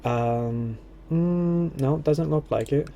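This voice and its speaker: A man streaming a strategy game, casually thinking aloud and muttering to himself, his words often trailing off low. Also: slow, gravelly, dark tone, a little hiss or hum.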